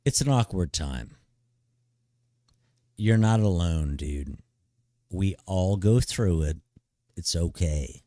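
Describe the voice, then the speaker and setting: A middle-aged man on a live stream hands out blunt, profane big-brother advice in a laid-back way, saying "dude" constantly. His low, warm voice is expressive yet slow, with frequent pauses. The recording is dry and studio quality for this casual chat.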